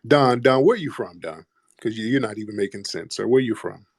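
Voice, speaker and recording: A man's voice: mid-range voice, lively intonation, brisk, slightly rough, no room sound. Blunt confrontational male talk show host.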